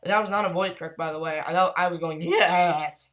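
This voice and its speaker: A woman chatting casually as a YouTuber, gushing and excitable, rambling along with quick apologies. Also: lowish voice. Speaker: YouTuber ranking movies. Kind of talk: casual tier-list chat.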